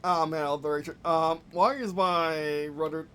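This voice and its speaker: A gameplay video host giving live commentary, venting frustration at the game in short, repeated outbursts and yelling complaints. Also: mid-range voice, fairly even intonation, unhurried, hardly any pauses, noisy background.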